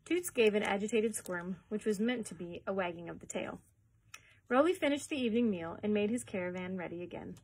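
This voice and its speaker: Husky-voiced woman reading aloud to children. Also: medium pitch, low-quality recording. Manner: gentle, pauses to comment on pictures. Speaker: children's librarian. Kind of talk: reading a chapter book aloud.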